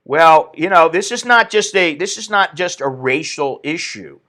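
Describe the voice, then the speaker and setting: A man's voice: a little high, lively intonation, a little slow, sharp tone. A man hosting an opinionated commentary stream, ranting indignantly and reading viewer comments aloud. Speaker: political commentary host.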